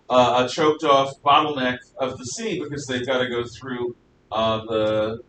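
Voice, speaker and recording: Guy giving a history class, rambly with lots of uh's, mic away from him, faint rumble behind. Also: bright, forceful tone. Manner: rambling, self-correcting lecture with many fillers. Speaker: history teacher. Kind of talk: classroom lecture. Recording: echoey room, mic at a distance, faint rumble.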